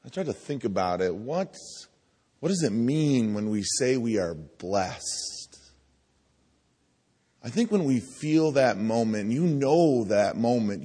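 Slow-talking man preaching in a reverberant church. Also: medium pitch, a little mellow, breathy edge. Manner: conversational preaching, coaxing the congregation to repeat phrases. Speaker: pastor. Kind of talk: sermon. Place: church sanctuary. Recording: long hall reverb.

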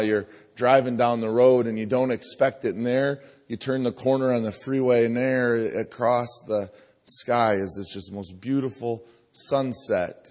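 Slow-talking man preaching in a reverberant church. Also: medium pitch, darkish tone. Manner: conversational preaching, coaxing the congregation to repeat phrases. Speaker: pastor. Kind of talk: sermon. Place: church sanctuary. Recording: long hall reverb.

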